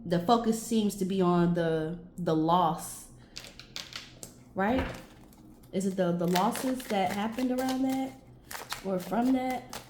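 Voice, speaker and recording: A woman's voice: mid-range voice, slow, pauses often, darkish tone, roomy sound, a little hiss or hum. A woman doing a casual tarot reading, musing aloud and talking to her viewers as she turns cards. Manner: musing, talks to herself and viewers, stretches words. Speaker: tarot reader.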